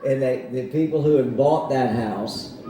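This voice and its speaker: A man gives a heartfelt tribute in a slow, repetitive way. His voice rings in a roomy space. A faint background hum stays under it. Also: medium pitch, warm tone. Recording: echoey room, faint noise.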